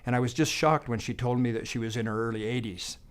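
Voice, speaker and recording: A middle-aged male doctor gives a testimonial monologue of homespun observations from his practice. He speaks folksily and unhurriedly at an average pitch, halting often and restarting with "uh" and "and, and".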